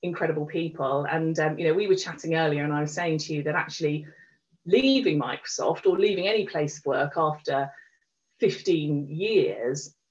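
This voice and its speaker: A woman's voice: low voice, moderate pace. A middle-aged woman speaking as an interview guest, telling her story frankly with plenty of fillers and restarts. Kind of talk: candid conversational storytelling. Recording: dull lo-fi recording.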